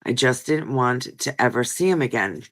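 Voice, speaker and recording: Her nose still stuffy after crying, a livestream host with a bass voice reads viewer comments in a casual chat. She speaks at a moderate pace with lively intonation, earnest, emotional and rambling.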